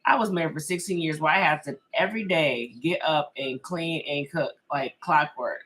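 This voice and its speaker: A woman's voice: deep voice, moderate pace, fairly bright tone. A middle-aged woman hosting a casual live-stream tarot reading, chatty and reassuring, reading viewer comments aloud and laughing often.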